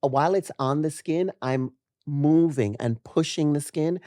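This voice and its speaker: A man in his late fifties from the West Indies, a guest makeup artist chatting casually, animated and laughing, with drawn-out emphasis on key words. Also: fairly high pitch, dry recording, studio quality. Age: 50s. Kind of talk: casual interview chat.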